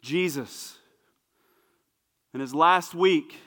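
A man preaching a sermon as pastor, emphatic and repetitive, dropping to hushed asides. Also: on the high side, very slow, big-room sound. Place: church sanctuary.

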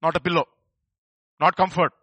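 Pastor preaching, bright forceful voice, loud then hushed, dry sound. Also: male voice, fairly high pitch, little pitch movement, moderate pace, no room sound, low-quality recording. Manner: emphatic preaching, swings between loud calls and quiet asides; calls for congregation responses. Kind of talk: sermon. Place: church service.

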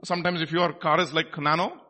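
A man preaching a sermon, swinging between loud emphasis and hushed asides. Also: fairly high pitch, flat delivery, a little fast.

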